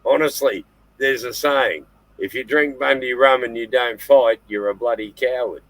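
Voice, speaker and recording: Australian man, casual caller, joking and swearing, relaxed. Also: medium pitch, moderate pace, no room sound, low-quality recording. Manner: laid-back, joking, swearing. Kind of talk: casual chat.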